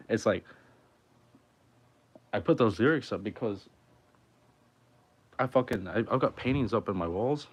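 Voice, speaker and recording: A man's voice: on the low side, lively intonation, a little slow, pauses often, muffled recording. A man musician chatting casually on a livestream from his home, rambling and swearing a lot. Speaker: musician streamer.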